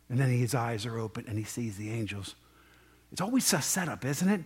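A man's voice: mid-range voice, big pitch swings, brisk, breathy edge. A man teaching a Bible story in a casual, conversational way, often asking his listeners questions.

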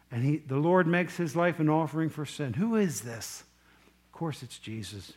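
Animated high-voiced male preacher. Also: normal speed, husky. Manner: animated, swings between loud scripture reading and quiet asides; asks the congregation questions directly. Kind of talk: sermon.

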